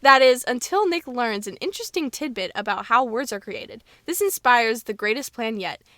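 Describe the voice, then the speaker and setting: A woman's voice: a little high, lively intonation, normal speed, fairly bright tone, no echo. Giggly woman reading a book aloud. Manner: giggly, stumbles over words while reading. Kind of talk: casual reading aloud with banter.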